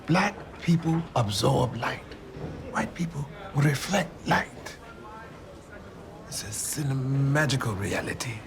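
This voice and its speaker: A man's voice: mid-range voice, animated, takes it slowly, gravelly, a crowd in the background. An actor playing a blunt, tactless film cameraman who lays out his views in a matter-of-fact way. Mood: lecturing. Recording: film clip with music underneath.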